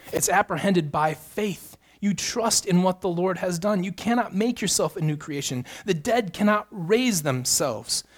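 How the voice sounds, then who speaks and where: Male pastor, fairly high voice, emphatic sermon delivery with repetition. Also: husky. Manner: earnest, emphatic preaching with repeated phrases.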